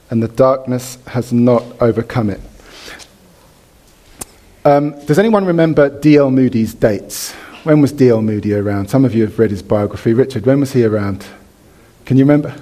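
A man preaching a sermon in church, animated, leading the congregation in reading and response. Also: medium pitch, normal speed.

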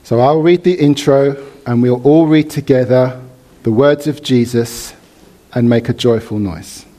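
Leading his congregation in reading and response, a man delivers a lively sermon in church, his voice medium in pitch and unhurried.

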